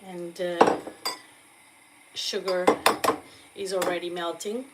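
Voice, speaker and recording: A woman's voice: on the low side, little pitch movement, slow pace, heavy background noise. Chatty Portuguese-accented woman cooking. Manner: chatty, warm asides to viewers, frequent "okay?" check-ins. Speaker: cooking vlogger. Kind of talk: casual cooking demonstration. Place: home kitchen.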